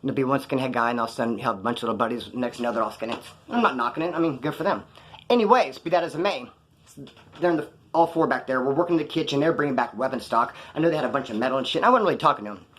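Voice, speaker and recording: A man's voice: medium pitch, rapid-fire, fairly bright tone. A man casually telling prison stories to camera in a rambling, slangy way, acting out quoted dialogue.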